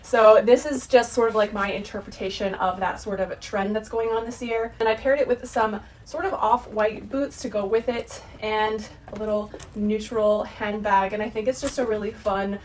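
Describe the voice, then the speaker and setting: A woman's voice: medium pitch, fairly even intonation, normal speed, hardly any pauses, a little mellow, a little hiss or hum. Chatty woman in her thirties. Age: 30s. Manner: chatty, bubbly, many "like" and "sort of" fillers. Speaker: fashion vlogger. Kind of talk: casual try-on haul chat.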